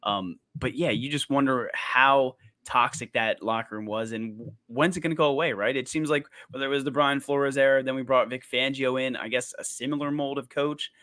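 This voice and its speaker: A man's voice: mid-range voice, fairly even intonation, fairly quick, hardly any pauses, pushed and bright, no echo, studio quality. A man co-hosting sports talk radio, rambling and jokey in casual chat.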